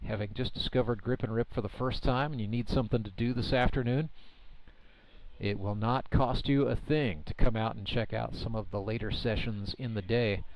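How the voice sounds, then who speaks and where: A man calling a baseball game live as play-by-play commentator, relaxed and chatty with dry humor. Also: lowish voice, slight background noise, rough recording. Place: ballpark broadcast booth.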